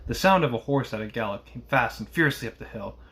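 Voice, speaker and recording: A man reading a classic novel aloud in a steady voice, with occasional small slips. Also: mid-range voice, fast. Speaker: reader.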